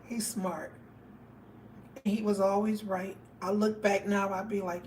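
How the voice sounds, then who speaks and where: Speaking over a phone far from the mic, a woman hosts a casual livestream in a medium-pitched, flat, unhurried voice with a slight mellowness. She tells stories emphatically and addresses her viewers directly, her voice a bit off mic with faint background noise.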